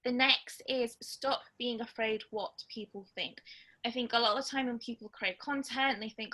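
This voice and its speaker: A woman giving a webinar talk, blunt and straight to the point, sometimes loud. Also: fairly high pitch, moderate pace. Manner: lively, loud in places. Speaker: webinar guest speaker. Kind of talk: webinar talk on social media strategy.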